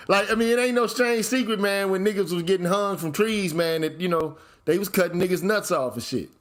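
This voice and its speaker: Blunt, profane high-voiced man. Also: a little fast. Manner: blunt and profane, heats up into shouting rants. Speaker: channel host. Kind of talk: casual solo commentary.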